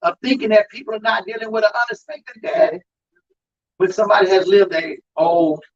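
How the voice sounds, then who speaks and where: A man's voice: sits high, brisk, dull audio. A man who works as an undertaker and hosts a show, talking emphatically about grief in a preaching style and calling out to the audience. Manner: emphatic, calls out to the audience with "y'all".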